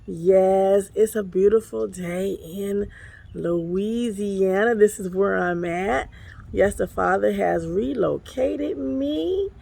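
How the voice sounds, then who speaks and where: Self-filming on a phone camera by the water behind an apartment complex, an apostle who oversees a ministry delivers a relaxed devotional. She speaks slowly in a mid-range voice with a dark tone and vocal fry. Her manner is folksy and full of exclamations, with plenty of "honey" and "y'all" aimed at her listeners.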